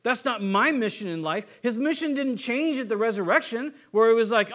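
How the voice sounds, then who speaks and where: A man preaching a sermon, animated, acting out quick voices of biblical figures and swinging between soft and emphatic delivery. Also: extremely high pitch. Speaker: pastor.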